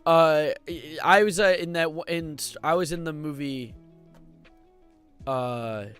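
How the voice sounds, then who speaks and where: An excitable young man rambles through casual livestream commentary, swearing freely and bursting into loud outbursts. His voice sits fairly high for a man, with faint music playing behind. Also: measured pace. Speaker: streamer.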